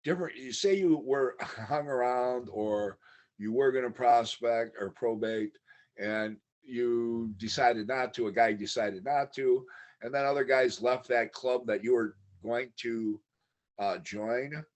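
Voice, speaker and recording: A middle-aged podcast guest with a medium-pitched voice and a measured pace tells stories in a casual chat. He rambles, laughs often and acts out what other people said.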